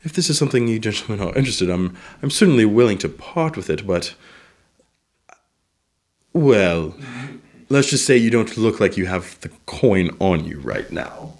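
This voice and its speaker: A man voicing a suave, overly polite male potion shopkeeper who talks in smooth sales patter. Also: on the low side, lively intonation, normal speed. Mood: smoothly courteous.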